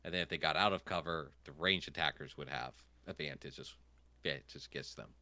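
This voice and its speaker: A man's voice: a bass voice, brisk, bright, forceful tone. A man narrating as game master, rambling with lots of fillers.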